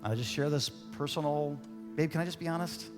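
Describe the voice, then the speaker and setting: A man preaching a sermon as pastor, animated and conversational, often asking the congregation questions. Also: a little high, fairly quick, music in the background. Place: church sanctuary. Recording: long reverb of a church hall.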